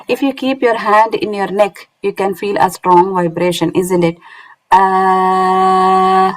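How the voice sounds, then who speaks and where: A woman's voice: mid-range voice, animated, takes it slowly, rough recording. A woman teaching Quran recitation online in English with a non-native accent, explaining step by step and often checking with "isn't it?". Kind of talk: online lesson.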